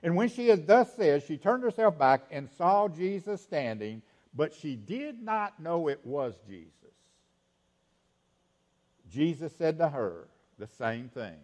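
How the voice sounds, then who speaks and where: A man preaching a sermon, repeating phrases and dropping to a hush for quoted lines. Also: a little high, a little slow. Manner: animated preaching, swings between loud emphasis and hushed quoted lines, repeats phrases. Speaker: pastor.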